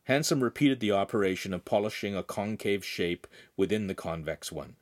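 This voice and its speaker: A man narrating a young adult novel with animated storytelling. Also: fairly low pitch, moderate pace. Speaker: audiobook narrator. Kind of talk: scripted narration.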